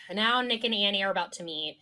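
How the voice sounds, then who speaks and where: A woman's voice: mid-range voice, moderate pace. A young woman co-hosting a podcast, chatting casually and acting out quotes with laughter. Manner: animated, acts out quotes, laughs. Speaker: podcast co-host. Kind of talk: casual recap chat.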